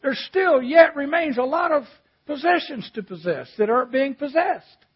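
A man preaching a sermon, shifting between shouted emphasis and quiet, reflective reading. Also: very high voice, expressive, normal speed, muffled recording.

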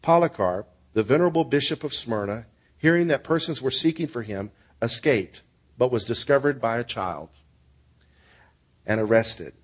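A man's voice: medium pitch, expressive, normal speed. A male pastor preaching a sermon, telling stories in an earnest way and closing in prayer.

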